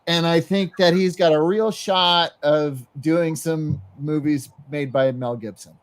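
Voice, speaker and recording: A man's voice: fairly high pitch, steady tone, unhurried, hardly any pauses, smooth. A man hosting a podcast in casual chat, blunt and joking. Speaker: podcast host.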